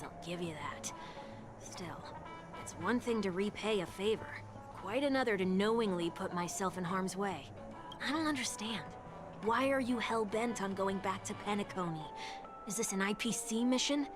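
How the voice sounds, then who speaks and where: A woman's voice: mid-range voice, expressive, moderate pace, natural voice. An actress voicing a blunt, sarcastic young woman companion who teases and challenges, with music behind. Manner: blunt and teasing. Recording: game audio with loud music behind.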